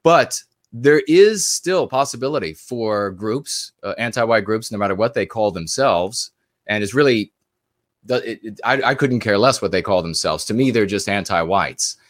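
A man with a lowish voice gives a long, earnest spoken commentary on a livestream. He often restarts and circles back on his phrasing. The sound is dry and close, with no room around it. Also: animated, normal speed, no echo. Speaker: livestream co-host.

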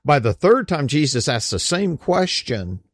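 A man's voice: on the high side, sing-song, a little slow, dry recording. A man teaching a Bible study in a casual, conversational way, with folksy slang and frequent "you know.".

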